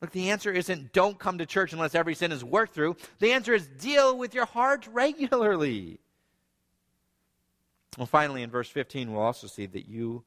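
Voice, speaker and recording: Male preacher, fairly high, bright voice, hushed-to-emphatic delivery, big church reverb. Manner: earnest preaching, swinging between hushed and emphatic. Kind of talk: sermon.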